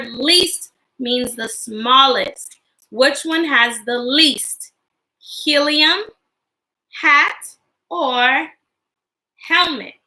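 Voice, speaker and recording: Woman teacher, slow and sing-song with kids, bright tone with some vocal fry. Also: high-pitched, low-quality recording. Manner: slow, sing-song, encouraging teacher talk to young children. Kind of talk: classroom lesson livestream.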